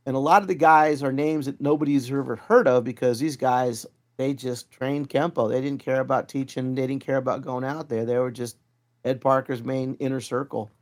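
A man in a relaxed interview, telling a long story with a lot of energy. He slips into other people's voices as he quotes them, keeping a middle-pitched voice throughout. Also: moderate pace. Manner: animated, acts out quoted voices. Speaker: martial arts instructor, guest. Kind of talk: casual storytelling.

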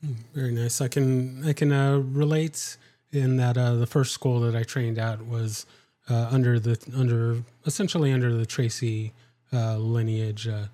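Male interviewer, low-key and mellow, flat delivery, halting with fillers. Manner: hesitant, many fillers. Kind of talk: casual chat.

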